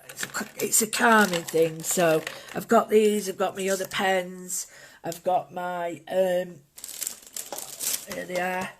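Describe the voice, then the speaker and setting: Relaxed art tutorial voice, calm and gentle, mid-pitched, easygoing explaining, faint hiss and pen scratching behind. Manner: calm, gentle, thinking aloud while working. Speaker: mandala art instructor. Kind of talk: casual drawing and painting tutorial.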